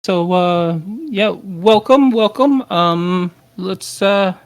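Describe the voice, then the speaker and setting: A man's voice: high-pitched, drawn-out words, clear, resonant tone, voice pushed up, heavily acted. Man putting on a hammy raider boss woman. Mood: welcoming.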